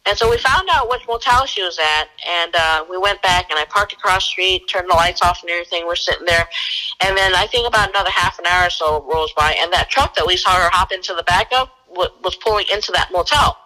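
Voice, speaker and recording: A fugitive recovery agent speaking on the low side recounts a story in an easygoing, animated way, playing out the dialogue in short, quick bursts. The recording is rough.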